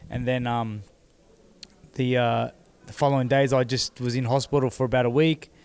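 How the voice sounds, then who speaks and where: A man in a seated interview, his voice smooth and clear and his pitch held fairly flat and even. He tells a personal story in a halting way, often repeating words before he goes on. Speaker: interview guest, former boxing champion.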